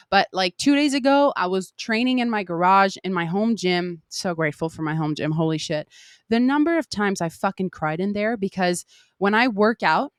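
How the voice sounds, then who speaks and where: A young woman with a medium-pitched voice hosts a podcast, speaking candidly in a casual spiritual monologue. She swears freely and acts out her own inner voices, and the recording is dry with clean studio sound.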